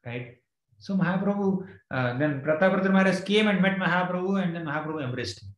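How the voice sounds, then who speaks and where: A man's voice: high-pitched, animated, quick pace, echoey room, rough recording. A man giving a scripture class, retelling a story with quoted verses and frequent fillers. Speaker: spiritual teacher.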